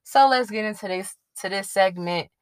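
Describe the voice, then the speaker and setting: Smooth and medium in pitch, her voice moves at a moderate pace with no echo. The same young podcast host chats conversationally on her own, wandering off a bit and tripping over her words now and then, which she owns up to.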